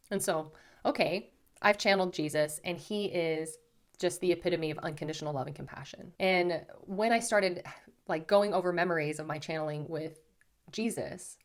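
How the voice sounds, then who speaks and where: A woman host casually recounting a spiritual experience to her viewers, chatty and animated, often saying "like" and "okay". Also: on the low side, normal speed. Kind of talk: casual storytelling to camera.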